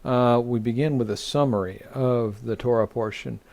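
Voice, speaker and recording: A man teaching a weekly online Torah study as rabbi, speaking haltingly with many fillers and restarts. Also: mid-range voice, steady tone, creaky, a little mellow. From United States.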